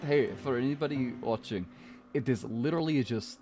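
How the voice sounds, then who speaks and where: A man streaming a game, chatting casually and playfully with quick joking asides and swearing. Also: mid-range voice, creaky, a little mellow, soft background music. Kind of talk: casual live-stream chat.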